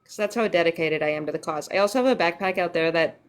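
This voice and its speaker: This young woman from Central Texas speaks quickly in a lowish, clean-toned voice. She runs a phone livestream, responding to viewer comments in a sarcastic, talkative way and cursing casually.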